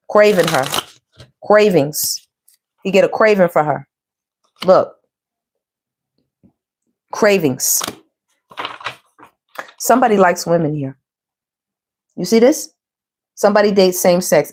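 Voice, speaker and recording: A woman giving a casual tarot reading, sassy and animated, full of slang and calling the viewers "baby" and "y'all". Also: medium pitch, slight background noise. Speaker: tarot reader.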